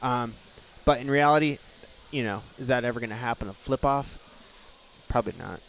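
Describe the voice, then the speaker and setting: A man, a guest in a radio studio, telling a story in casual chat and acting out the people in it with lively energy. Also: mid-range voice, a little fast, gravelly. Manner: animated, acts out quotes.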